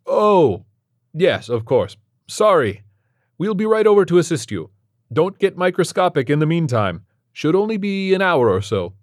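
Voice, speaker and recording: A man's voice: on the high side, big pitch swings, moderate pace, dry recording, clean studio sound, voice pushed up. A man voicing an overly chirpy male doctor with a grating voice.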